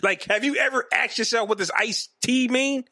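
A man co-hosting a casual podcast chat, teasing his partner in an animated, jokey way. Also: very high-pitched, moderate pace, no echo, clean studio sound. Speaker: podcast co-host. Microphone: podcast mic.

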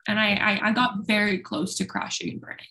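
A woman's voice: medium pitch, little pitch movement, fairly quick, creaky, pushed and bright. A young woman speaking openly and at length as an interview guest, talkative and self-deprecating. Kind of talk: candid personal conversation.

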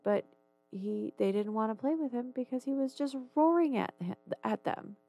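A woman in her thirties, a podcast co-host chatting casually, blunt and quick to swear. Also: a little high, expressive, vocal fry, dark tone, dry recording, soft background music. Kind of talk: casual chat.

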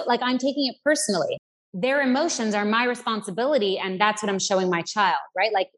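A woman's voice: mid-range voice, brisk. A woman parenting coach explaining her ideas earnestly, using everyday examples in conversation. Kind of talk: explanatory interview talk.

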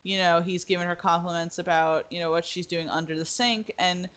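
A woman's voice: fairly low pitch, steady tone, a little fast, a bit bright. A young woman in casual chat, rambling with lots of fillers and acting out quotes. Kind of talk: casual podcast discussion.

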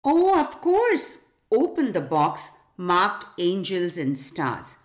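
A woman's voice: on the low side, huge pitch swings, takes it slowly, heavily acted. A woman voicing a kind mother who patiently explains family traditions in a storybook reading. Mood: patient explaining. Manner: gentle, instructive.

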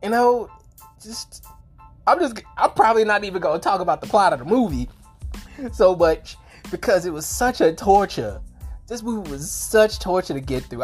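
Deep-voiced woman w sore throat, rambling movie review, cussing a lot, soft music behind. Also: lively intonation, normal speed, husky. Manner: rambling, swears freely, frequent restarts and laughs.

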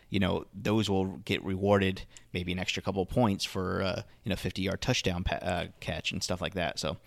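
A man's voice: low-pitched, vocal fry, no echo. A man co-hosting a podcast in casual chat, rambling with lots of fillers. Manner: rambling, filler-heavy delivery. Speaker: podcast co-host.

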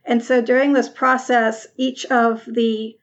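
A woman player in a tabletop role-playing game, relaxed as she explains the rules. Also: fairly high pitch, takes it slowly, muffled recording.

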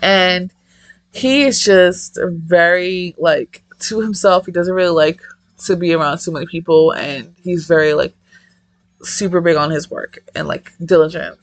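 A young woman reviewing a manga in casual chat, excitable, swearing a lot and rambling off-topic. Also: fairly low pitch, unhurried, dry recording.

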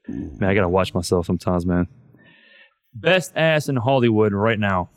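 A man's voice: on the low side, normal speed, pauses often, no echo, studio quality. A man hosting a podcast in casual chat, loose and profane, saying "man" all the time. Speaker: podcast host.

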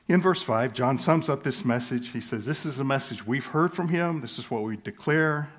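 A man preaches from a pulpit at an ordinary, mid-range pitch. He leans hard on key words and then drops to a hushed, slow delivery, with soft chuckles now and then. His tone is earnest and pastoral throughout. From southern United States. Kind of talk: expository sermon.

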